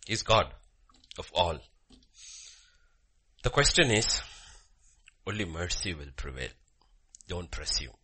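A man preaching a sermon with a personal story, swinging from loud emphasis to hushed murmurs. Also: low-pitched, expressive, slow pace, pauses often, husky. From Bhutan.

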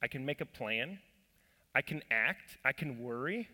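A man's voice: medium pitch, expressive, measured pace, sharp tone. A man, a church elder, giving a sermon in a casual storytelling way, self-deprecating, with fillers and restarts. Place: church sanctuary. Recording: long hall reverb.

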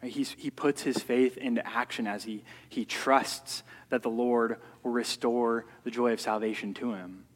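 A man's voice: medium pitch, fairly even intonation, normal speed, few pauses. A man preaching a sermon earnestly, often repeating words as he works through his points. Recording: long hall reverb.

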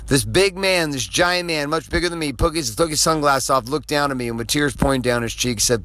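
A man's voice: on the high side, lively intonation, quick pace, few pauses, sharp tone. A middle-aged man delivering an intense, preachy motivational podcast monologue, swearing freely.

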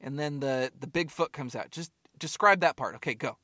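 A man's voice: mid-range voice, moderate pace, sharp tone, dry recording, clean studio sound. A man co-hosting a podcast, joking, rambling and swearing freely in casual chat. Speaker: podcast co-host.

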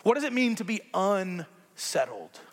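A man preaching a sermon as pastor, conversational and animated, with playful asides to the congregation. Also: high-pitched, a little slow, long reverb tail.

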